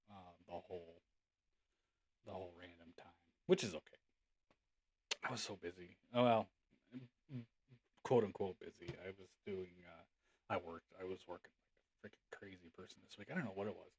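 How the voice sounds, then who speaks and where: A man hosting a livestream, rambling casually with lots of fillers and laughter as he tells stories. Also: sits low. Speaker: livestream host.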